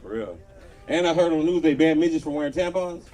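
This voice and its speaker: A man on stage doing stand-up outdoors, his fairly high voice swinging widely as he tells crude stories and acts out the people in them. He works the crowd directly. The sound is caught from a distance, with a loud audience laughing around him. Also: expressive, quick pace. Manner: crude storytelling with voiced quotes, crowd work. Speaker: stand-up comedian. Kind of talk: stand-up comedy set. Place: outdoor patio comedy show.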